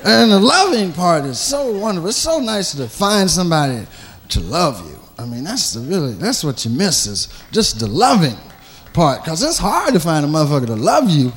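Animated, profane male stand-up comic. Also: on the high side, normal speed, slight background noise. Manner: profane, loose storytelling; slips into mimicked voices of himself. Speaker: stand-up comedian. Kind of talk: stand-up comedy routine.

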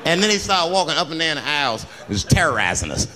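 High, lively stand-up comedian man. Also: quick pace, background noise. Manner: animated storytelling, acting out characters with loud outbursts; profane, street slang. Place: live comedy venue. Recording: live club set with audience laughter and long reverb.

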